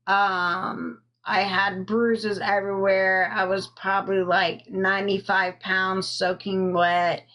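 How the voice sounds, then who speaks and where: A woman telling a personal story on a live stream into a phone, halting with frequent pauses and fillers, stopping to thank viewers. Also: mid-range voice, flat delivery, a bit bright. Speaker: livestreamer telling her own story.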